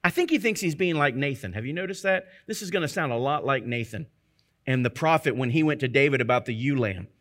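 A man's voice: mid-range voice, expressive, fast talker, a bit bright. A man teaching from the Bible in a conversational sermon, often checking in with his listeners through rhetorical questions. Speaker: preacher.

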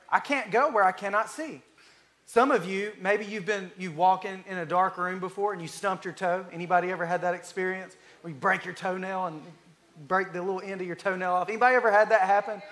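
A man's voice: high-pitched, a bit bright. A man from Alabama with a Southern US accent, preaching a sermon in a folksy, conversational way and stretching out key words for emphasis. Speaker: pastor.

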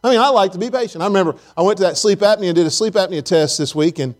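A middle-aged man with a fairly high voice preaches a sermon. He reads scripture aloud and then unpacks it in a conversational way. He often asks the congregation to answer with an amen. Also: rapid-fire, darkish tone. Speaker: pastor.

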